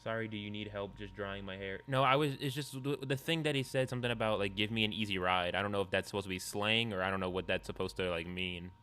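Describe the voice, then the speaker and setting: A man streaming, reading messages aloud in a quick, flat deadpan with muttered asides. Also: lowish voice, smooth.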